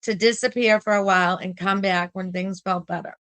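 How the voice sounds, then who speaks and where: A woman, an artist vlogging, reading a text aloud with earnest, emotional asides and halting restarts. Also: mid-range voice, steady tone, fairly bright tone. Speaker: artist and content creator.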